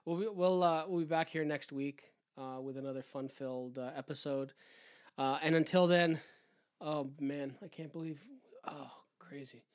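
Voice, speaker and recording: A man's voice: a little high, steady tone, moderate pace. A man with a Canadian accent co-hosting a podcast, rambling and joking casually with a lot of swearing. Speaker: podcast co-host. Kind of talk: casual chat.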